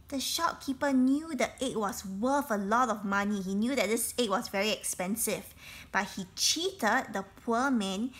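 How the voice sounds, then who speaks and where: A woman reading a children's picture book aloud, slowly, stopping to explain things in simple words. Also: on the high side, a bit bright. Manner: slow, explains words and events in simple asides. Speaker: storybook reader.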